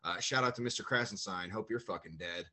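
A man co-hosting a podcast, telling stories in casual comedic chat, swearing a lot and animated. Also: low voice, brisk. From United States. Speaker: podcast co-host.

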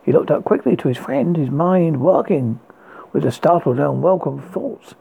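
A man reading a ghost story aloud, halting now and then with stumbles and restarts. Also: a little high, sing-song, vocal fry, dark tone, slightly rough, low-quality recording. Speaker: story reader.

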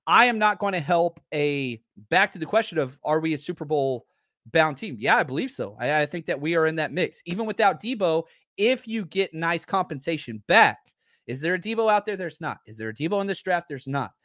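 Male sports talk host, brash and animated, fairly high voice, dry close sound. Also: fairly quick, no echo. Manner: brash, animated, talks straight to viewers. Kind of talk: casual live-stream sports commentary.

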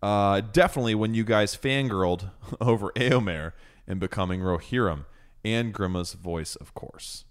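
A man co-hosting a podcast in casual chat, jokey and quick to slip into silly voices. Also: fairly low pitch. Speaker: podcast co-host.

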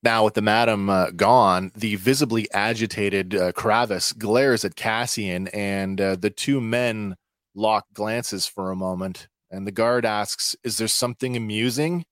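A man's voice: fairly low pitch, steady tone, measured pace, a bit bright, no echo, clean studio sound. A man hosting a podcast, recapping an episode in a chatty way with many filler words. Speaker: podcast host.

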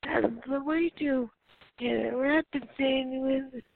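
A woman hosting a show who reads a children's story aloud slowly, stumbling and correcting herself. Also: high-pitched, steady tone, vocal fry. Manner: slow, halting reading with self-corrections. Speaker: host and story reader. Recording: tinny phone-like sound.

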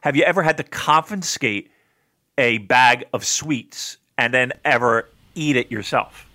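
A man from New Jersey co-hosting a podcast, chatting casually, animated, laughing often and swearing freely. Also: mid-range voice, measured pace. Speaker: podcast co-host. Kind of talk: casual chat.

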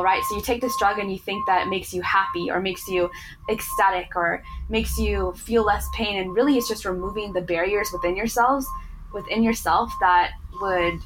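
30ish woman, yoga teacher, talking earnestly and thoughtfully, says "like" a lot, mid pitch, faint noise. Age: 30s. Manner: earnest, reflective, lots of "like" fillers. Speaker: yoga teacher in addiction recovery; interview guest. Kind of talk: personal storytelling in conversation.

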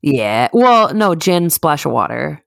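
A woman's voice: deep voice, very animated, takes it slowly, gravelly. A young woman co-hosting a podcast, telling rambling stories in casual chat with lots of laughs and restarts. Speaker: podcast co-host.

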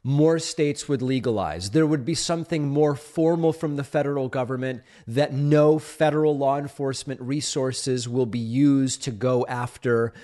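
Brisk, upbeat male talk show host. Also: mid-range voice, a little mellow. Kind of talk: political talk show with ad read and caller Q&A.

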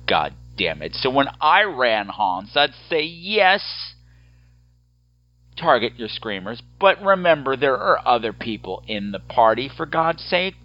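A man's voice: medium pitch, highs cut off. A man hosting a podcast, answering listener voicemails with sarcastic, joking rants. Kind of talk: casual podcast chat.

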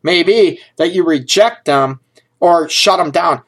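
A man with a fairly high, somewhat bright and slightly rough voice speaks slowly while hosting relationship advice. He's candid and casual with listeners, joking at times and repeatedly asking "okay?" alongside "you know."

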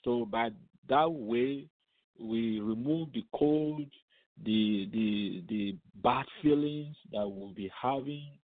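A man's voice: medium pitch, slow, no echo. A man teaching the Bible on a radio programme, asking rhetorical questions and answering them himself, often repeating words as he goes. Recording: narrow phone-line radio sound.

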